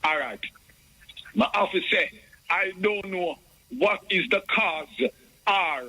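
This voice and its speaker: A Jamaican man calls in to a radio show in a high, bright voice. He rambles on and trips over repeated words as he speaks. His talk circles back on itself. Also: takes it slowly, poor audio. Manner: rambling, stammering repetitions. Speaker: caller. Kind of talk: call-in radio chat.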